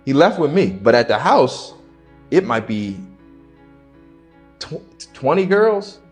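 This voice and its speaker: A young man, an interview guest, telling a personal story slowly and haltingly in casual slang. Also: medium pitch, big pitch swings, faint music behind.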